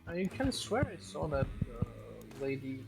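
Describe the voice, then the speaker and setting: A man in casual gaming chat with a co-player, relaxed and chatty, swearing now and then. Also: fairly high pitch, normal speed, heavy background noise.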